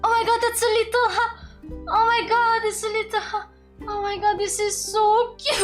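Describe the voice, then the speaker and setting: A woman streamer reacting live to a game, excitable, squealing and screaming with delight. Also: extremely high pitch, normal speed, faint music behind. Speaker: VTuber streamer.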